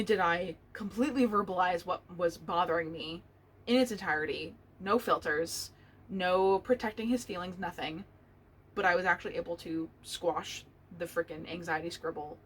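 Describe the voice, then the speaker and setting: A woman's voice: lowish voice, normal speed, slightly rough, poor audio. A young adult woman hosting a solo podcast, talking candidly and emotionally, swearing freely and restarting her sentences. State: choked up, tearful. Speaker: podcast host. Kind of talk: personal solo podcast talk.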